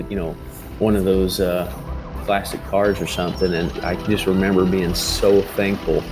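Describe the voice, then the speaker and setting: A man in his thirties, a father, recounting a frightening rescue in a halting way, with many fillers and restarts. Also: low-pitched, darkish tone. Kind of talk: interview testimony.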